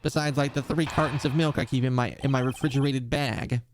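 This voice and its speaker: A man's voice: mid-range voice, steady tone, brisk, a little hiss or hum, natural voice. A man voicing an easygoing, evasive young male actor who talks offhandedly. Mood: offhand.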